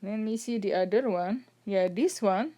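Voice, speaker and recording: A woman giving casual religious commentary as a vlogger, speaking haltingly with frequent "uh" and "okay?" check-ins. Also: medium pitch, dark tone. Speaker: vlogger commenting on prophecy videos.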